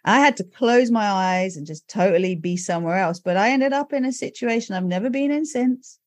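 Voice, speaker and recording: A woman's voice: medium pitch, a little fast, no room sound. A middle-aged woman hosting a podcast, talking candidly, often adding "right?" and "you know" as she tells stories. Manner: animated storytelling with many "right?" and "you know". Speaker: podcast host. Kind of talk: candid casual conversation.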